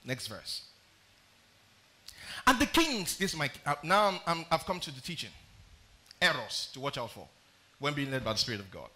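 A pastor preaching a sermon, reading scripture aloud and explaining it, often putting questions to the congregation. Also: male voice, mid-range voice, expressive, brisk, pushed and bright. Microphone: streamed live sermon.

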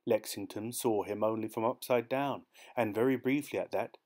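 A man reading a dark short story aloud as an audiobook narrator, in a measured, steady storytelling manner. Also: lowish voice. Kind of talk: scripted narration.

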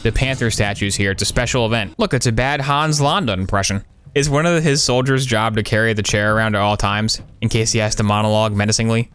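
A man riffing sarcastically over his gameplay, mocking what he sees with dry, jokey asides. His voice sits at an average pitch, with soft music in the background. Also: fairly quick. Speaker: gameplay commentator.

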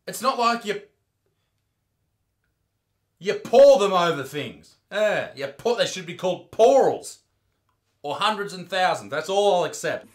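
A man's voice: sits high, animated, a little slow, pauses often. An Australian man doing a crude, mock-outraged comedy rant, reacting to clips.

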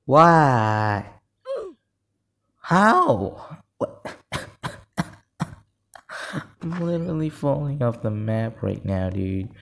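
A man giving live gameplay commentary, excitable and easily frustrated, often saying "literally". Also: mid-range voice, slow, gravelly, long pauses, slight background noise. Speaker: gaming video creator.

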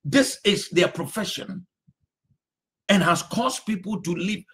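A man preaching a sermon as a pastor, emphatic and repetitive, sometimes rising to a shout. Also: high-pitched, slow pace.

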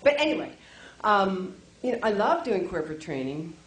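A woman's voice: medium pitch, sing-song, moderate pace. A woman in a workshop audience, talking in a rambling, apologetic, upbeat way. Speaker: workshop participant. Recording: echoey room mic.

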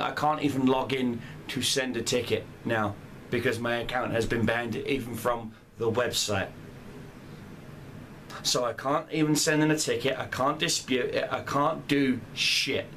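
A man's voice: medium pitch, steady tone, moderate pace, a bit bright, slight background noise. A man in a furious, profane rant as a gamer, heated and swearing throughout. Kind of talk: angry rant vlog.

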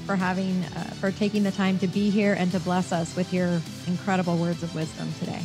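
A woman's voice: lowish voice, level tone, a little fast, over music. A woman hosting a faith podcast, effusive and affirming toward her guest. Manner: effusive, affirming, laughs readily. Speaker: podcast host. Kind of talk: podcast interview.

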